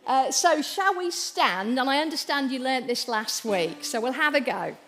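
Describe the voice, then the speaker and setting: A woman's voice: high-pitched, lively intonation, moderate pace, a bit bright. A woman giving an all-age church talk, playful and encouraging as she speaks directly to the children. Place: church hall.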